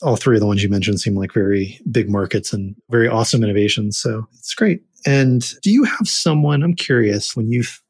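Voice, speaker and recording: A man's voice: fairly low pitch, a little fast, hardly any pauses, slightly rough, dry recording, clean studio sound. A man hosting a podcast, asking rambling, searching questions. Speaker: podcast host. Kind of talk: interview questions.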